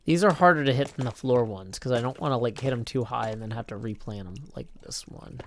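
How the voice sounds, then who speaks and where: A man from Tennessee, United States, live streams himself playing a block-building game, chatting casually in a mid-range voice. He talks fast and tells rambling stories packed with restarts, fillers and lots of "like"s, over a little hiss or hum.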